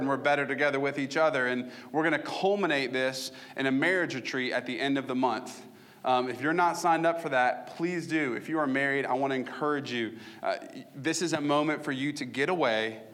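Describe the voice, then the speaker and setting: Casual man preaching to his church. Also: a little high. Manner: casual, warm-hearted preaching with fillers and restarts. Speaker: pastor. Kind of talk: sermon. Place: church sanctuary.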